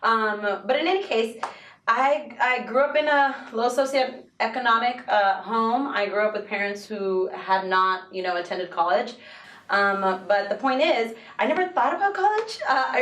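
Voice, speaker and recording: A young woman recounts her story in a relaxed interview, lively and quick to laugh. She acts out the voices of people she quotes. Her voice comes from a distance, with echo from the room around her. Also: on the high side. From Mexican-American home in a colonia. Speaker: interview guest, university employee and alumna. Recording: roomy, from a distant mic.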